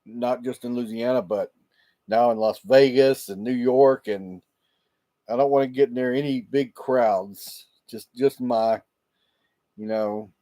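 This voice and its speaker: Chatting with viewers over a laptop mic, a male livestream host rambles along and laughs a lot. He speaks slowly at medium pitch, in a steady, warm tone.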